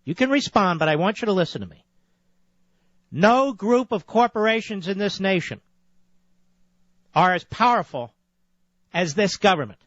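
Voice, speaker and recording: Insistent high-pitched male radio host. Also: animated, normal speed, pauses often, fairly bright tone, no echo. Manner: lecturing, insistent, cuts the caller off. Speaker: radio talk show host. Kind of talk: combative call-in radio debate. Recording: dull, dry lo-fi radio audio.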